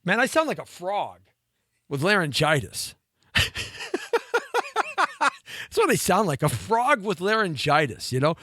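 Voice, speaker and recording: A man in his fifties, a show host, telling a rambling story with animated delivery and laughing asides. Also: high voice, unhurried, long pauses, no echo, clean studio sound. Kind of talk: storytelling monologue.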